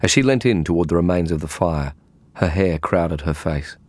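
A man reading an audiobook in calm, measured narration. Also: low voice, dry recording. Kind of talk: scripted narration.

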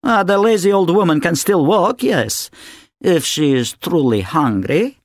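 Guy doing a snooty cold mum voice, pitched way up, sneering at everyone, dry close sound. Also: animated, a little slow, no room sound. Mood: scornful. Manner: contemptuous, haughty. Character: cool, scornful woman, a mother.

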